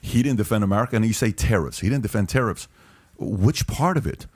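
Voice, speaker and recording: A man's voice: on the low side, fairly quick, a little mellow, breathy edge. A man hosting a podcast debate, pressing his points, cutting in and repeating himself for emphasis. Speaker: podcast host.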